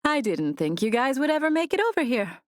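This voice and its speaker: Chirpy, eager mom, pitched up, read by the woman narrator, in an audiobook. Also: very animated, brisk, no echo, studio quality. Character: cheerful, eager middle-aged mother.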